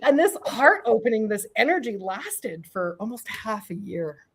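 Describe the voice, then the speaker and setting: A woman's voice: mid-range voice, big pitch swings, unhurried, fairly bright tone, breathy edge. A middle-aged woman, a medium and guest, telling a personal story in a casual interview. She laughs often, swears offhandedly and acts out quotes.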